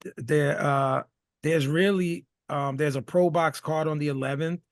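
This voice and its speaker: A man with a gravelly, creaky edge rambles through casual podcast chat. He stops, restarts and fills gaps with "um" and "you know". The sound is close and dry, with no room around it. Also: fairly high pitch, steady tone, unhurried, dry recording. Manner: rambling, many restarts and fillers. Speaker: podcast co-host.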